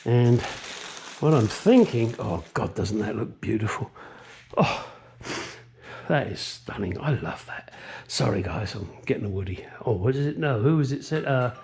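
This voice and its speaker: A man's voice: mid-range voice, animated, a little slow, a little mellow, a little hiss or hum. A man chatting casually while he works on a car in his home garage, with crude jokes and asides, picked up by a nearby camera mic. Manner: talks while working with tools. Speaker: car restoration vlogger. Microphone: camera mic on a stand nearby.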